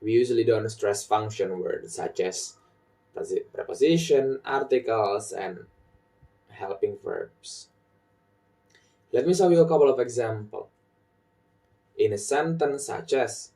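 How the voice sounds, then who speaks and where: Slow, deliberate young man teaching stress. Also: lowish voice, animated, dark tone, recorded from a distance. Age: young adult. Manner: slow, deliberate, repeats example sentences with marked stress. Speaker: student presenter. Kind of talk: recorded phonology lesson. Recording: voice set back from the mic.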